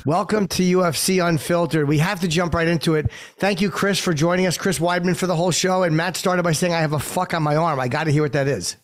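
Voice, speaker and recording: A man co-hosts a casual podcast, trading jokes and defending himself in quick banter. His voice sits a little high. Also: fairly even intonation. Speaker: co-host.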